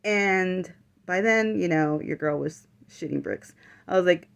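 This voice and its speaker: A woman's voice: lowish voice, measured pace, creaky, smooth. A woman vlogger telling a personal story in casual chat, full of fillers and the odd swear word.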